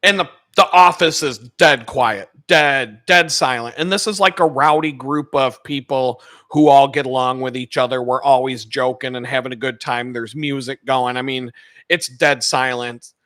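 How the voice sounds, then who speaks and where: Animated, profane storytelling man. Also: medium pitch, moderate pace, no room sound. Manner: animated, profane, acts out the people he quotes. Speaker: channel host telling a personal story. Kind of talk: casual storytelling.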